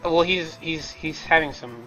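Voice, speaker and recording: A man's voice: a little high, unhurried, over music, poor audio. A man co-hosting a casual gaming podcast, teasing and joking with the others. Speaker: podcast co-host.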